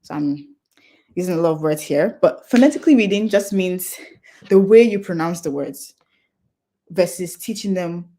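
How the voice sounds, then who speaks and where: Young adult woman, conference speaker, earnest explainer, voice sits a bit low. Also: expressive, normal speed, warm tone. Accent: non-Nigerian English accent. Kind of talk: talk to an audience.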